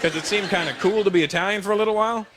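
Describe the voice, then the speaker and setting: A man performing a stand-up comedy set before a large audience, telling animated stories and acting out the people in them. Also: high-pitched, very fast, crowd noise, noisy background. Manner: animated, storytelling with voices. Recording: live show with loud audience laughter.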